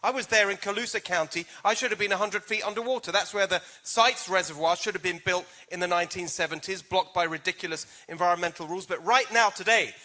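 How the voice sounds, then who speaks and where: A man's voice: sits high, fast talker, few pauses, sharp tone. A man with a British accent answering a debate question as a political candidate, with emphatic stump-speech delivery.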